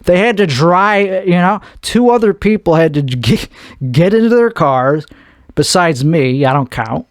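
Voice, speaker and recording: A man's voice: sits high, animated, measured pace, dry recording, clean studio sound. A man hosting his own podcast, rambling and making fun of himself. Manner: rambling and self-mocking. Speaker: podcast host. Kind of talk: solo comedic podcast chat.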